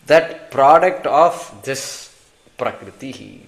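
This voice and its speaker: Indian guy teaching a scripture class, asks questions then answers them, mid pitch, slips into sanskrit recitation. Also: animated, slow pace. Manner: recites Sanskrit terms and verses. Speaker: Vedanta teacher.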